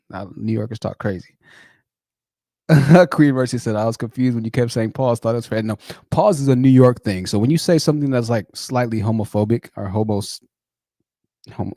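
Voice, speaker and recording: A man's voice: medium pitch, a little fast, mellow, no echo, clean studio sound. A man hosting a casual livestream, reading viewer comments in a laid-back way and acting out friends' voices. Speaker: livestream host.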